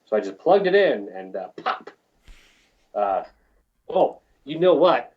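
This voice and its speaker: A man's voice: medium pitch, sing-song, measured pace, dull audio. A man from New Mexico who works on film crews, telling profane, rambling anecdotes in a casual interview. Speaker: film crew lighting technician, guest.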